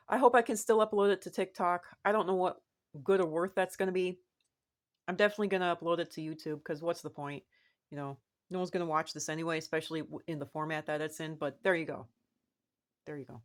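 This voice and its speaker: Woman, casual vlog monologue, rambling, repeats herself, animated lifts in pitch. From United States. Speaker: vlogger.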